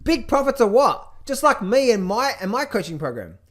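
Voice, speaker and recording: A middle-aged man coaching on trading, talking over charts in an energetic, playful way, chanting phrases in a sing-song repetition. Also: extremely high pitch, normal speed. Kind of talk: casual market commentary over charts.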